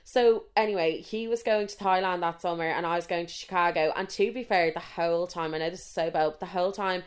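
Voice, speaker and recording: Smooth-voiced young woman telling a story. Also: lowish voice, fairly quick. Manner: candid, chatty, swears freely, repeats "so anyway". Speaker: podcast host. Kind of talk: casual storytelling monologue.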